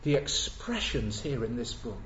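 A man's voice: mid-range voice, sing-song, unhurried, fairly bright tone, a little hiss or hum. A man preaching a sermon earnestly, asking rhetorical questions and repeating key words for emphasis. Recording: echoey, dull lo-fi church recording.

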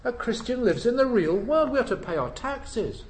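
A man preaching a sermon in a church. He asks the congregation rhetorical questions and swings between loud emphasis and hushed asides. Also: very high voice, sing-song, moderate pace, reverberant, a little hiss or hum, poor audio.

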